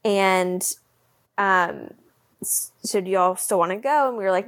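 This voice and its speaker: Young woman, podcast co-host, casual chat, animated storytelling, laughs often. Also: mid-range voice, normal speed.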